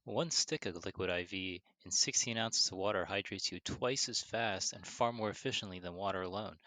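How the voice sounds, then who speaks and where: A man co-hosting a podcast, reading a sponsor ad in a steady, matter-of-fact way. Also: low voice, normal speed, no room sound. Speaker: podcast co-host. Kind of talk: sponsor read.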